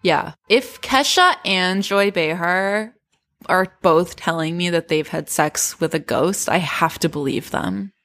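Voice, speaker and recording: A woman's voice: lowish voice, measured pace, fairly bright tone. A woman co-hosting a casual chat show, laughing often and restarting her sentences as she thinks aloud. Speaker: podcast co-host.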